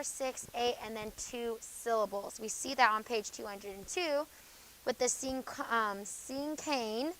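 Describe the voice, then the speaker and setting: A woman teaching a high school class, explaining step by step with fillers and frequent "okay?" checks, and now and then firmly telling students off. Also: a bit bright, poor audio. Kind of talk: classroom lecture.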